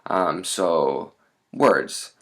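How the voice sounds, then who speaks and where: A man teaching a lesson in a relaxed, chatty way, with many fillers and asides. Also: deep voice, drawn-out words.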